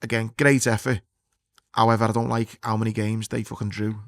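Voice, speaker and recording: A man's voice: fairly low pitch, fairly quick, dry recording. Sweary man talking football. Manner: blunt, sweary and animated. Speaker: podcast co-host. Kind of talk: casual football chat.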